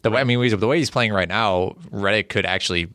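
Deep-voiced guy w a sharp edge, talking hoops trades, dry close mic. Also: fast talker, no room sound. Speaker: podcast co-host. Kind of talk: casual basketball trade talk.

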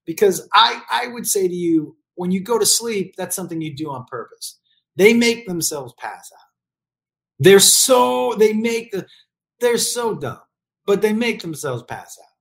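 Middle-aged parent with mid-range pitch, blunt and foul-mouthed, riffing in a comedic rant. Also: animated, unhurried, gravelly, fairly bright tone. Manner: blunt, profane, emphatic. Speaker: parent giving advice.

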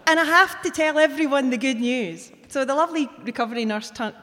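A woman's voice: sits high, fairly quick, a bit bright, slight background noise. Wry woman telling a story on stage. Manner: wry, self-mocking humour. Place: theatre stage before an audience. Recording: long hall reverb from a live stage.

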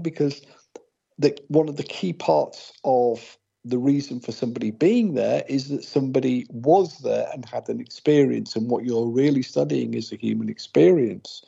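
A man with a gravelly, husky voice and a dark, mellow tone, explaining things patiently over a muffled, lo-fi remote call. He rambles and restarts as he thinks aloud. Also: mid-range voice. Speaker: co-host, paranormal investigator. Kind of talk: casual podcast chat.

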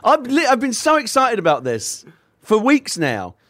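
Man, guest co-host, high and animated, mock-indignant, dry mic. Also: normal speed, dry recording. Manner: mock-indignant, teasing banter. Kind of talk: casual podcast chat.

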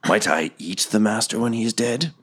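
A man voicing a sly, bargaining male monster in a husky whisper for a tabletop game. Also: fairly low pitch, normal speed, fairly bright tone, pitched above the performer's own voice. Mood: scheming.

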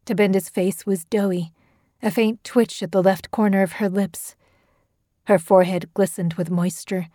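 A woman reading a horror story aloud with a measured, steady storytelling delivery. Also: medium pitch, dry recording, clean studio sound. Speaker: narrator. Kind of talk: scripted horror story narration.

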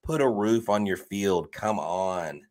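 A man co-hosting a sports podcast in casual chat, animated and often laughing and teasing his co-host. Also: on the low side, takes it slowly.

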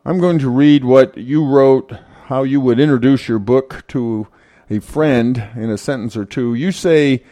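Male radio host, measured interviewer, mid-pitched voice. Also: mellow. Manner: measured, reads from notes.

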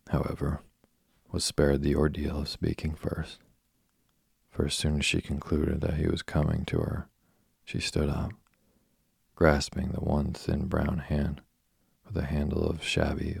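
A man narrating a classic novel as a slow, even bedtime story. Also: rumbling low, creaky, slightly rough, dry recording, studio quality.

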